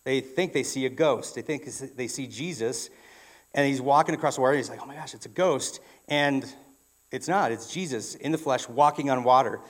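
A man's voice: medium pitch, moderate pace. A man preaching a sermon in a church, telling a story in a conversational way with frequent restarts. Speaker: pastor.

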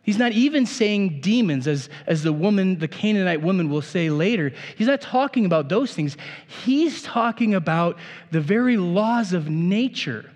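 A man's voice: sits high, lively intonation, normal speed, a little mellow, in a large hall. A man preaching a sermon as pastor in a casual, conversational way, often restarting his phrases.

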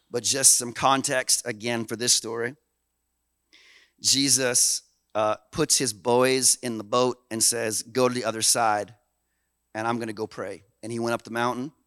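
A man from Canada preaching a sermon in an animated, folksy way, dropping low and then swelling loud. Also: dry recording. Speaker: pastor.

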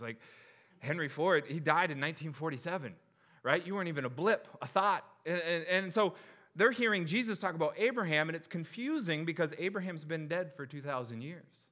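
Young man, pastor, sermon, bright voice, fairly high pitch, lively, playful. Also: a little fast. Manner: animated, jokey, acts out crowd reactions.

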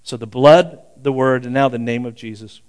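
A man's voice: mid-range voice, moderate pace, darkish tone, smooth. A man in his sixties preaching a sermon in a conversational way, with frequent asides and restarts. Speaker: pastor.

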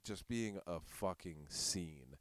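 Crude, smooth-voiced Midwestern guy telling stories. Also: low voice, expressive, takes it slowly, a bit bright, no echo. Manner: crude, profane storytelling with many fillers. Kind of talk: casual podcast chat.

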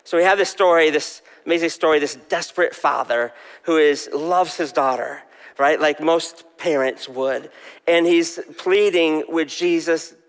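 A man's voice: a little high, measured pace, smooth, big-room sound. A male pastor preaching a sermon in a conversational way, asking the congregation questions.

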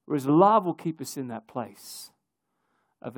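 A man giving a sermon, telling a personal story with wry, animated asides. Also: fairly high pitch, measured pace, no echo, clean studio sound. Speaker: preacher.

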